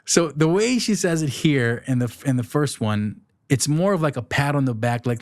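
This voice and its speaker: A man's voice: medium pitch, animated, moderate pace, darkish tone, no echo, clean studio sound. A man in his thirties from the United Arab Emirates, hosting a podcast in a rambling, chuckling, self-correcting way. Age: 30s. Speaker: podcast host. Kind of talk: casual solo podcast chat.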